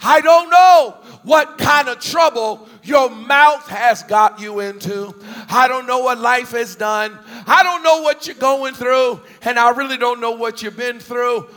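Unhurried yet animated, a male preacher from the US Northeast tells stories in a sermon before thousands in a large church hall. His very high, tense voice erupts into shouts and circles back to repeated questions, with long hall reverb on the recording.

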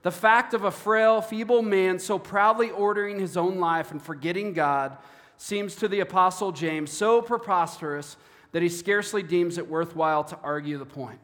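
Male pastor, high voice, earnest sermon, long hall echo. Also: normal speed, fairly bright tone. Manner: earnest, repeats words while preaching.

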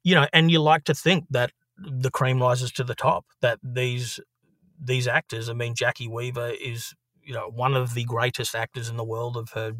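A man with an Australian accent, an actor telling lively stories in an interview. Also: mid-range voice, no room sound, clean studio sound. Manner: animated storyteller, swears freely. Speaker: actor, guest. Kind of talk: casual interview anecdote.

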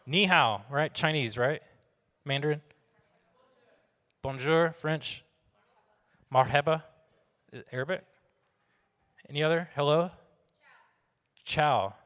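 A man's voice: a little high, slow pace, long pauses, a bit bright. A man, preaching a conversational sermon to his congregation and asking them questions. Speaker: pastor. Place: church sanctuary. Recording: long hall reverb.

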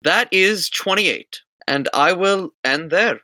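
A man's voice: high-pitched, expressive, slow, pushed and bright, dry recording. A man playing a tabletop game, talking earnestly and dramatically about his character's moves. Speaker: player.

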